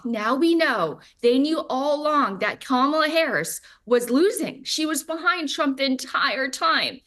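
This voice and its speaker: A woman's voice: high voice, a bit bright. A woman on a debate panel, speaking insistently and pushing back against interruptions. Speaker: panel guest, party donor.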